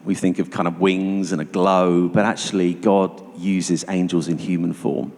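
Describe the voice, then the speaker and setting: A man giving a personal testimony to an audience as a guest speaker, telling it vividly and going hushed at tense moments. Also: low-pitched, level tone, moderate pace. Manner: vivid storytelling, dropping to hushed tones for tension. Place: church hall. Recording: long reverb of a church hall.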